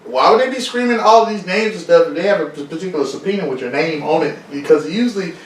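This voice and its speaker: Man host, high voice, blunt interjections, roomy far-off recording. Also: lively intonation, fast. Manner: interjecting, direct, emphatic. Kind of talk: casual talk show interview. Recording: echoey room, distant mic.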